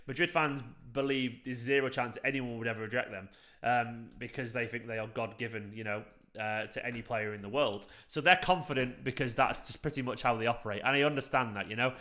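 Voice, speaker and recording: Bright-voiced excitable male stream host. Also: medium pitch, fairly quick. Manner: chatty, excitable, swears casually. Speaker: football fan channel host reading live chat. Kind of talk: casual live-stream chat.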